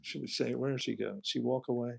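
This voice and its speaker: A man's voice: mid-range voice, steady tone, fast, vocal fry, noisy background. A man hosting a casual live stream from home, chatting loosely and reading out viewer comments. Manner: chatty, rambling, asks viewers questions.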